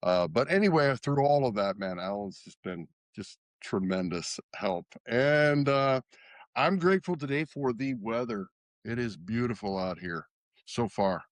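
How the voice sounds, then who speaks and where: A man's voice: medium pitch, expressive, a little slow, no room sound. A man co-hosting a podcast, rambling in casual chat with many fillers. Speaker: podcast co-host.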